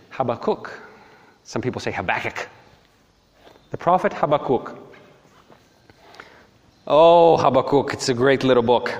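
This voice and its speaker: Preacher guy giving a sermon, earnest, lots of questions, mid voice, long echoey hall. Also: medium pitch. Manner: earnest, rising emphasis, rhetorical questions.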